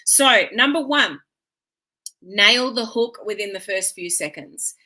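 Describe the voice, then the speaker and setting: A woman hosts a live social media stream, her voice bright and clear, talking casually to her viewers. She is chatty and welcoming, greets people by name and checks in with a friendly "okay?". She sounds middle-aged and speaks as if into a webcam. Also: mid-range voice, lively intonation, takes it slowly.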